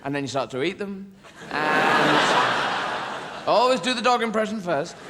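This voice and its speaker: A male stand-up comedian rambles through absurd tangents with a high voice, swearing freely and dropping into silly voices. He performs live on stage, with loud background noise throughout. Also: expressive, normal speed.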